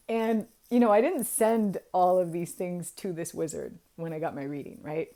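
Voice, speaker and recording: Lively laughing woman in her forties. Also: lowish voice, slow, pauses often. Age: 40s. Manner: animated, laughs often, swings from hushed to loud. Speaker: vlogger. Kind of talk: casual storytelling to camera.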